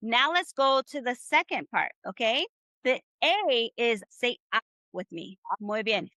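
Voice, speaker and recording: A woman's voice: a little high, big pitch swings, a little slow, sharp tone, no room sound. A woman teaching a live online Spanish class, upbeat and encouraging as she leads the group through repetition drills.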